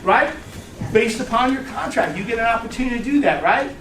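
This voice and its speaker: A man giving a casual, animated business training talk to a group, blunt and swearing freely, often checking in with "right?". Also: very high-pitched, a little fast, a little hiss or hum. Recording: echoey room, mic far off.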